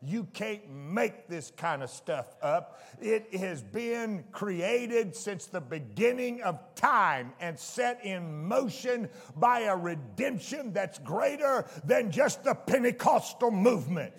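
A man preaching a fervent sermon to his church, shouting out exclamations. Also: high-pitched, big pitch swings, takes it slowly, few pauses, slightly rough. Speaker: pastor. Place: church sanctuary. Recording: echoey church hall with congregation.

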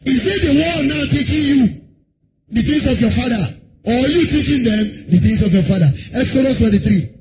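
A male pastor giving a sermon in a church service, chanting lines in a sing-song way, breaking into shouts and firing rhetorical questions at the congregation. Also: very high-pitched, animated, fairly quick. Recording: noisy live sermon recording.

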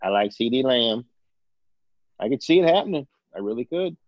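A man's voice: mid-range voice, animated, normal speed, no echo, highs cut off, close to an everyday voice. A man doing a blustering old team owner. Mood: stubborn blustering. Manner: repeats pet phrases, blustering. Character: elderly male football team owner, stubborn and blustering.

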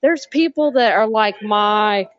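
A woman from North Carolina with a slow Southern drawl, chatting upbeat as a guest on an interview. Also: mid-range voice, no echo, muffled recording. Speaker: guest, cocktail social media creator. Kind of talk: casual interview chat.

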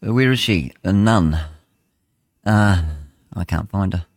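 Male radio host, low-ish voice, rambling casual delivery, dry close mic. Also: slow, no room sound. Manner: rambling, thinks aloud while hunting for clips.

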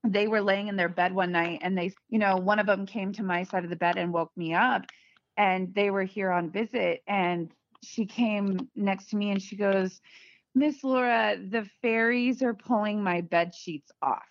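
A woman, a guest on a podcast, telling a story in a casual, lively way and acting out the voices of others. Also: medium pitch, moderate pace, no room sound. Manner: lively, acts out quoted voices. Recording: dull, dry podcast audio.

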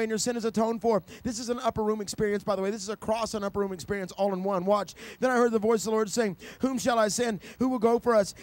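Man preaching, very high voice, impassioned, shouts at peaks, dry close sound. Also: dry recording. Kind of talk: sermon.

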